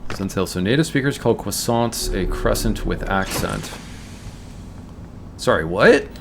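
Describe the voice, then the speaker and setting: A man's voice: fairly low pitch, animated, unhurried, creaky, background noise. A man streaming a game, chatting casually and musing aloud about words as he plays. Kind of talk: casual gameplay commentary.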